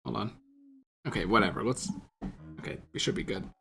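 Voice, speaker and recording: A man's voice: fairly low pitch, brisk, gravelly, bright, forceful tone. A man giving casual gameplay commentary, rambling, stumbling over his words and swearing offhandedly. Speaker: let's play gamer. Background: video game music.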